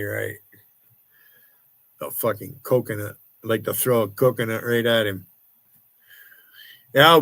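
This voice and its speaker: A bit bright and mid-range, the voice comes through with no echo. It's an American man in his sixties, confrontational and swearing as he rants angrily on his livestream.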